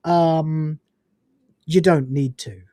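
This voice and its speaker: A woman's voice: deep voice, fairly even intonation, drawn-out words, dark tone, no echo, studio quality. An English woman co-hosting a live gaming news stream, reading news items and breaking into blunt, profane commentary with frequent laughter.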